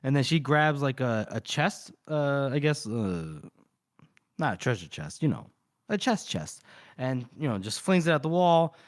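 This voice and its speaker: Male podcast co-host, mid-pitched and even, laid-back plot recap for a book chat. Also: a little slow. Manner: retells the plot in a loose conversational way. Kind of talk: casual book discussion.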